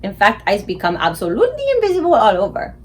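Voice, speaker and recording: A woman librarian reading a children's book aloud in an expressive way. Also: medium pitch, fast talker, husky.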